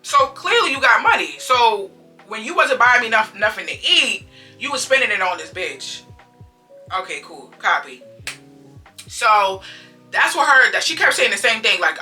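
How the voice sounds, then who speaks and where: A woman telling a story in a casual storytime vlog, animated and blunt, swearing freely and acting out what people said. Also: mid-range voice, normal speed, distant mic, soft background music.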